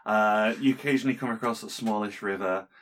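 Hesitant male game master, low voice. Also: fairly quick, a bit bright. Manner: hesitant, many ums and restarts. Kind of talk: narrating a tabletop game.

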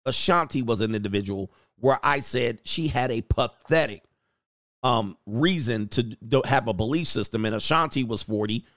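A man with a medium-pitched, fairly bright voice hosts a livestream at normal speed, reacting to news and reading super chats. His casual commentary is mocking and preachy, and he drawls words for effect. The sound is clean studio audio with no room sound.

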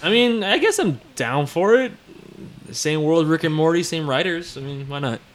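A young man co-hosting a casual chat, animated and swearing, with quick outbursts of disbelief. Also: a little high. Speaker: podcast co-host.

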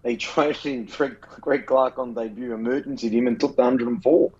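An Australian man co-hosting a casual footy podcast, telling sweary, animated stories and mimicking his mates. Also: mid-range voice, moderate pace, slightly rough, dull audio. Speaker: podcast co-host.

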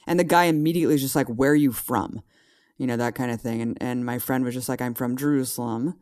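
Podcast guest: man, animated storyteller, mid-range voice, casual chat. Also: medium pitch, fast talker, smooth. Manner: animated storytelling, rising to exasperated emphasis.

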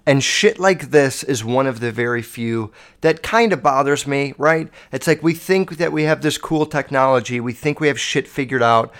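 A man's voice: mid-range voice, moderate pace, hardly any pauses, fairly bright tone. A man hosting a solo podcast, telling a story in a casual, profane way and acting out other voices along the way. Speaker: podcast host.

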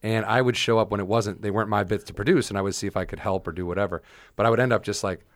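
Low-voiced dude podcasting, rambling self-mocking story, dry close mic. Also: male voice, steady tone, very fast, no room sound. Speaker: podcast co-host. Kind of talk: casual storytelling chat.

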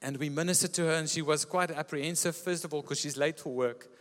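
A man preaching a sermon as pastor, telling stories with lively energy. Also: on the high side, fast talker, long reverb tail. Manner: lively storytelling preacher, often laughing. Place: church.

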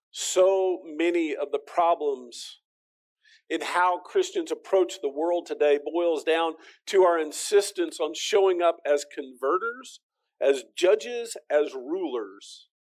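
A man preaching a sermon, earnest and direct with the congregation, often repeating words and swinging from emphatic peaks to soft, quiet lines. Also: a little high. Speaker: pastor.

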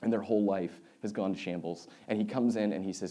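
Mellow low-voiced man preaching casually. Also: fairly even intonation, quick pace. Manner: conversational storytelling preaching with wry humor. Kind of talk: sermon.

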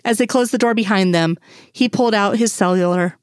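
A woman narrating a fan fiction story in a steady, measured way. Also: mid-range voice, no room sound, clean studio sound. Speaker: audiobook reader.

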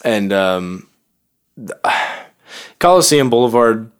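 A man's voice: lowish voice, expressive, drawn-out words, clear, resonant tone. Profane storytelling young man. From Chicago. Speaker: podcast co-host. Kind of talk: casual chat.

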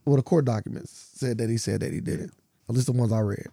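Creaky, insistent podcast man. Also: medium pitch, fast talker, warm tone, dry recording, clean studio sound. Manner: argumentative, insistent, laughs often. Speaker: podcast co-host. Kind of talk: casual chat. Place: podcast studio.

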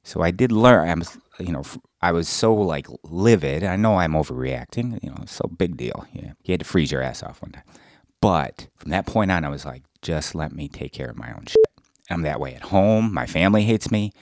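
A middle-aged man, chatting casually as a podcast co-host and telling blunt, profane stories with loud acted-out quotes. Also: low voice, expressive, fairly quick, no room sound, clean studio sound. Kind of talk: casual chat.

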